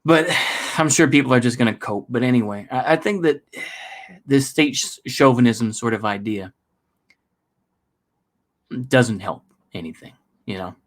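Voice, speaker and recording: A man from the United States rambles through a casual political vlog. His voice sits at a middle pitch. He fills his talk with hedging asides and jokes at his own expense. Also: unhurried, long pauses. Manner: rambling, self-deprecating, with frequent fillers. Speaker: political vlogger.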